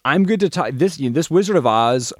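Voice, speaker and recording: A man's voice: on the high side, lively intonation, fairly quick, no room sound, clean studio sound. A man co-hosting a podcast who rambles casually, using lots of fillers and swearing. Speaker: podcast co-host. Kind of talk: casual chat.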